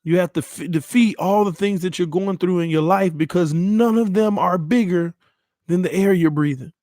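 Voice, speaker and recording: A man's voice: high voice, normal speed, a little mellow, no echo, clean studio sound. Earnest man urging viewers on. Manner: earnest, repeats phrases, addresses viewers as man and y'all. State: shaken after crying. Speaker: sports channel host. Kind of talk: emotional motivational talk to viewers.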